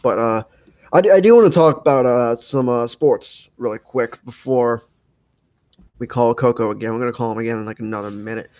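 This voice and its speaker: Young guy hosting a stream podcast, um-filled rambly chat, ordinary pitch. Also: a little fast, a little mellow, poor audio. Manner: rambling, many fillers and restarts. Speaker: podcast host. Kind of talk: casual livestream podcast chat.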